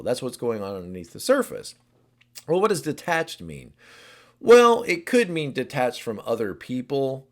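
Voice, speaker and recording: A man's voice: a little high, wildly swooping pitch, measured pace. A man, a relationship coach, giving an informal teaching talk and speaking in the first person for each personality type.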